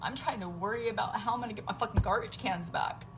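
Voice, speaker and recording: This American working mom unloads in a profane, furious, emotional vlog rant, sometimes lowering to a breathy whisper. Her mid-range voice comes quickly, with noise in the background.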